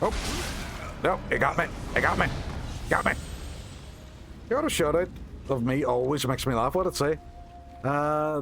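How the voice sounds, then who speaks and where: An expressive young man from Northern Ireland, medium-pitched and fairly bright, talks at a moderate pace with frequent pauses as he streams a game. He thanks viewers, swears here and there, and faint music runs in the background.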